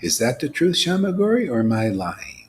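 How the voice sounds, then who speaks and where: A man giving an informal devotional sermon, asking rhetorical questions, dropping to whispers and rising to loud exclamations, laughing now and then. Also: mid-range voice, moderate pace, a little hiss or hum. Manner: animated, preachy, swings from hushed whispers to loud exclamations; asks rhetorical questions, laughs at his own jokes. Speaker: spiritual teacher.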